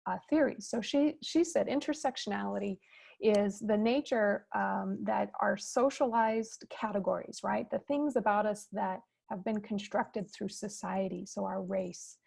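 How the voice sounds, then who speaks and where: A woman with a gravelly, creaky edge to her mid-pitched voice moderates a fireside chat. She explains ideas in a measured, teacherly way, heard over a video call. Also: darkish tone.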